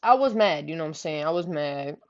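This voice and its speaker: Slightly muffled and lo-fi, this clip has a woman with a low, animated voice telling a story a little fast. Her talk is casual and wandering, peppered with slang, swearing, and "you know what I'm saying."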